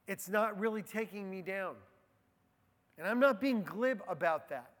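A man preaching a sermon as a pastor, slow and deliberate, letting key phrases fall soft and quiet. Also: high voice, lively intonation. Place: church. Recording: long hall reverb.

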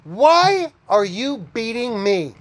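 A preacher doing a high, put-upon talking donkey. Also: male voice, very animated, slow, full character voice. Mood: complaining. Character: talking donkey, indignant and reasonable.

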